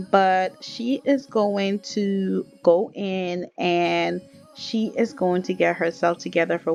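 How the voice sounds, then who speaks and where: Casting: young woman, playful let's-play narrator, chatty, mid pitch, soft music under her. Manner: chatty, playful, addresses viewers as "y'all", laughs often. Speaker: gaming video creator.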